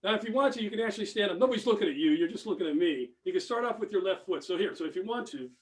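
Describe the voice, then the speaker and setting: A business mentor talks rapid-fire in a high, husky voice with lively intonation during a casual live sales webinar. He keeps it upbeat and chatty, repeating phrases and reading the chat out loud via a computer mic.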